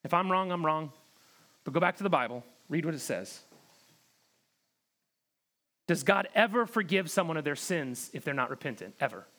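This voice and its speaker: A man's voice: on the high side, animated, moderate pace, pauses often, pushed and bright. A man preaching a sermon in an earnest, direct way, often repeating words for emphasis. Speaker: pastor.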